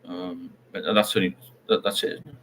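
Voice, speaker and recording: A deep, flat-delivered voice at moderate pace, fairly bright in tone, with a little hiss or hum underneath. The older man hosts a casual livestream, reading viewer comments and rambling frankly, often ending with tag questions.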